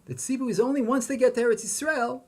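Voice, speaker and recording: A man's voice: very high-pitched, steady tone, quick pace. A man giving a Torah lecture, posing questions and chanting Hebrew verses with emphasis. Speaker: rabbi teaching Torah.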